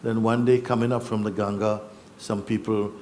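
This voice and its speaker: Middle-aged male spiritual teacher, low voice, unhurried storyteller who chuckles and acts out voices, faint room noise. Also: level tone, darkish tone. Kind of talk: storytelling talk at a gathering. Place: yoga festival gathering.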